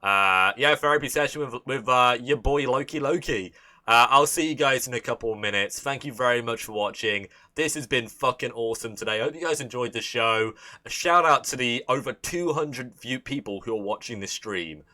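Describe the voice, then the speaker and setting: A man's voice: mid-range voice, normal speed, sharp tone. A young man from the English Midlands, with a Midlands accent, hosting a casual livestream and chatting to viewers in a rambling way, often swearing and restarting sentences. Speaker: livestream host.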